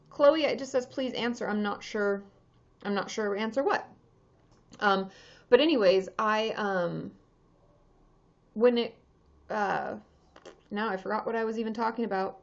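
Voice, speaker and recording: A woman therapist chatting casually on a livestream, answering viewer questions with lots of fillers and restarts. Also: a little high. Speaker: therapist answering live chat. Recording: dull lo-fi livestream audio.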